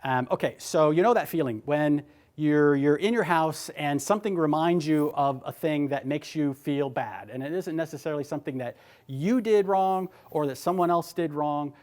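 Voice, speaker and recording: A man giving a motivational talk, animated and emphatic, often repeating his words. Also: fairly high pitch, moderate pace. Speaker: motivational speaker.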